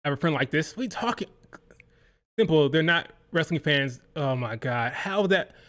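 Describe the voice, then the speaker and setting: Male streamer, fairly high voice, fired-up, profane, exasperated rant into a desk mic. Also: lively intonation, normal speed, a bit bright. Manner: heated, profane, exasperated ranting. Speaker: livestream host. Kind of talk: ranting live-stream reaction.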